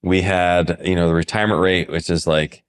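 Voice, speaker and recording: A man's voice: deep voice, normal speed, clean tone. A man who works as a financial advisor, telling stories on a podcast and acting out what clients said. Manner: animated storyteller, acts out quoted clients. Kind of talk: casual podcast storytelling.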